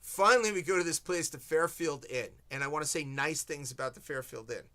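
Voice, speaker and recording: Male host, bright and a bit high, animated anecdote-teller. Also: brisk. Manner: animated storyteller, quoting people. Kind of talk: casual chat.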